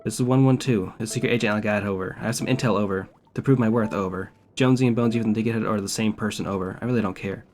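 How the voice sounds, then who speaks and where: A man's voice: fairly low pitch, racing, hardly any pauses, darkish tone, lightly acted. A man voicing a male secret agent in a game who reports by radio and ends each line with "over". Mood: deadpan. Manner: clipped radio talk, saying "over".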